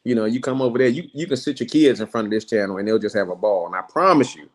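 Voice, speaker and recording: A man chatting casually as a guest on a livestream panel. He is animated and grateful, breaking off now and then for a lingering cough. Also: on the low side, fast. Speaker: panel guest, channel owner. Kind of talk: casual chat.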